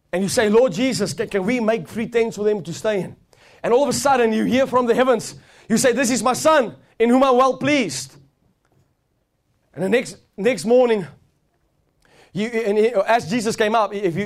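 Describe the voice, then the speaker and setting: Sitting high and a little mellow, this man's voice carries a fervent sermon. He builds intensity steadily, rising and swelling and leaning on repeated phrases.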